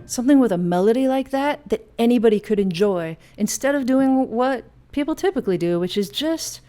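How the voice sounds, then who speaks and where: A woman's voice: a little high, animated, brisk. A woman hosting a casual piano lesson and plugging her classes, chatty and enthusiastic with playful asides. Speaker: music teacher and host. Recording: faint piano music behind. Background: piano playing.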